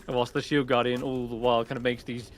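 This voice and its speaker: A man narrating a tabletop game as game master, lively and quick to laugh. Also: medium pitch, a little hiss or hum.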